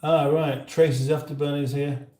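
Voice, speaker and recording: A man's voice: a little high, little pitch movement, normal speed, warm tone. Chatty northern English man in an echoey kitchen. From England. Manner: rambling, reads viewer chat aloud while cooking. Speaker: cooking livestream host. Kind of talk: casual live cooking chat. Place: home kitchen. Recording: echoey kitchen with faint background noise.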